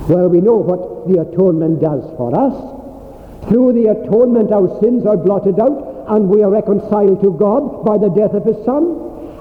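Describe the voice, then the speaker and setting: A man preaching a sermon, slow and emphatic, with weighty pauses. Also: high voice. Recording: tinny phone-like sermon recording in an echoey hall.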